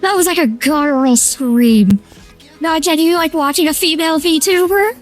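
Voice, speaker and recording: A high, bright feminine voice-changer voice chatters through a live gaming stream. It's excitable and playful, quick to squeal or giggle. Faint music sits underneath. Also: male voice. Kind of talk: casual live-stream chat while gaming.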